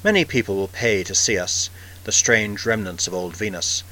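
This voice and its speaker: A man reading the part of an old male alien tribal elder, speaking slowly in a heavy, distant voice. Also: lowish voice, pushed and bright. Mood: sorrowful.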